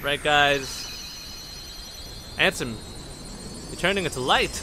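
A man's voice: a little high, animated, moderate pace, pushed and bright, slight background noise. A young man giving casual, rambling let's play commentary, joking and talking back to the characters on screen. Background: game music.

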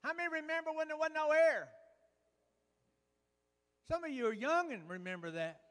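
A man preaching a sermon as pastor in a church, folksy and building to loud preaching with lots of "uh". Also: very high-pitched, normal speed. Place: church sanctuary. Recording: church hall reverb.

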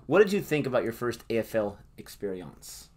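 A man's voice: medium pitch, fairly quick. A man co-hosting a sports reaction video, joking and teasing in a casual chat. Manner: playful, joking, animated. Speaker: co-host of a reaction channel.

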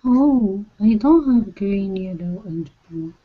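A woman's voice: medium pitch, animated, slow pace. Hesitant woman student on a call. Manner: hesitant, repeats words after the teacher. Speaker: language student. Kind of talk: online language lesson. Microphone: video call. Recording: dull lo-fi online call audio.

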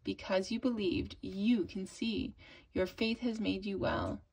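A woman reading as a gentle, kind healer man. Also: medium pitch, measured pace, gravelly, husky, low-quality recording.

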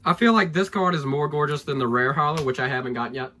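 A man opening trading card packs on camera, excitable and hyped, thinking aloud as he goes and losing his voice. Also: fairly high pitch, fast talker, slight background noise. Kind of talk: excited pack-opening vlog.

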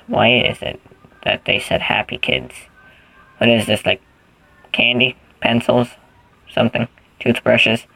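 A gaming channel host gives casual gameplay commentary, rambling goofily and thinking aloud as he plays. His medium-pitched voice is bright and forceful with vocal fry, with no echo but poor audio.

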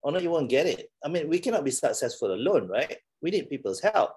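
A man's voice: on the high side, big pitch swings, quick pace, a little mellow, husky. Playful Malaysian lecturer, man. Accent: Malaysian English. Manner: playful, teasing, laughs often. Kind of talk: classroom motivational talk.

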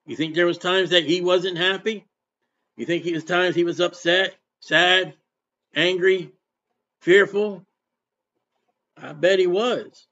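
A man preaching a sermon, quoting scripture with emphatic outbursts and quieter asides. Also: high voice, steady tone, slow pace, pauses often. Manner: emphatic, repetitive, switches between loud outbursts and quiet asides. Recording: dull lo-fi recording.

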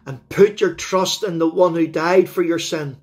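Northern Irish male preacher, high pitch, fervent evangelistic sermon delivery with repeated appeals. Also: unhurried, darkish tone, breathy edge. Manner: fervent, repetitive appeals to the listener.

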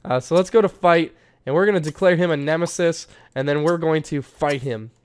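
A young man giving playful, excitable commentary while playing a life-sim game, laughing often. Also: fairly high pitch, fairly quick, smooth, no room sound, clean studio sound. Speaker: gaming YouTuber. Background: faint game music.

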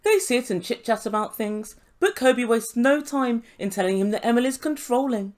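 A woman's voice: fairly high pitch, lively intonation, normal speed, darkish tone. A woman recapping a reality show in a sarcastic, mocking way, laughing often. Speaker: YouTube reality TV reviewer.

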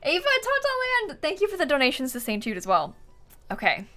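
A chatty woman streamer talks through her game with a bright, crisp tone and a lively voice that swings up and down. She laughs often and thanks viewers as she goes, with soft music playing behind her. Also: high voice, fairly quick. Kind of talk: casual live-stream game commentary. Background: faint background music.

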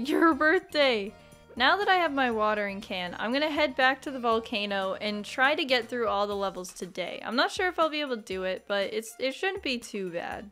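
A young woman hosting a let's play, chatting bubbly and excitable, bursting into squeals. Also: fairly high pitch, moderate pace, faint music behind. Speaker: gaming channel host.

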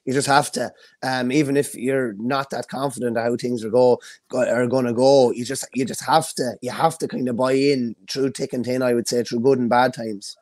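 Irish guy with a croaky voice, stops and restarts a lot, very dry sound. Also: medium pitch, steady tone, darkish tone, no echo. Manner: halting, repeats words while thinking. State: hoarse. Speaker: podcast co-host. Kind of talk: casual sports chat.

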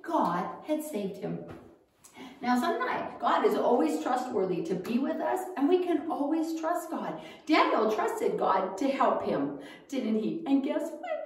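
A woman's voice: on the high side, darkish tone. A woman teaching a children's Bible school lesson, telling the story animatedly to kids, in an echoey room with the mic far off.

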